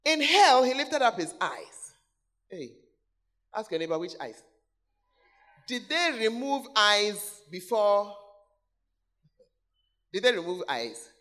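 A high-voiced man preaching in a large church hall, his pitch leaping all over as he calls out to the congregation. His bright, sharp tone cuts through as he repeats key words, swinging between loud exclamations and low asides. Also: sing-song, slow, pauses often. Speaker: pastor. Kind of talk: sermon.

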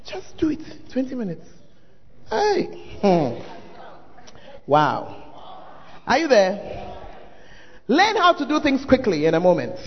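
A man preaching a sermon as pastor, animated, with sudden shouted exclamations. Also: extremely high pitch, slow pace, long pauses. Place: large church hall. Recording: dull sound with long hall reverb. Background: faint congregation.

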